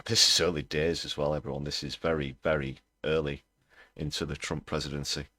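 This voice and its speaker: A man with a very deep voice hosts a livestream of political commentary. He talks in a sarcastic, scornful way. The recording is dry and close, with no room sound. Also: level tone, a little fast, pushed and bright, no room sound. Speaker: livestream host.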